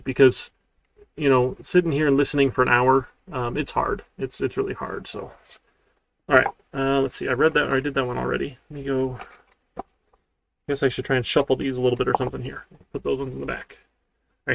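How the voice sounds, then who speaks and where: Gravelly-voiced man teaching coding live. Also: medium pitch, no room sound. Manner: casual, talkative, keeps checking in with "right?". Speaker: university programming instructor. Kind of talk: live-streamed coding lecture.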